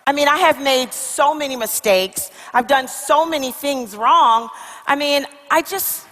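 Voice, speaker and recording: A woman's voice: high voice, unhurried, pushed and bright, long reverb tail. A woman playing a weary traveler who talks hesitantly and confessionally about her doubts in a motivational comedy skit. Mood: doubtful.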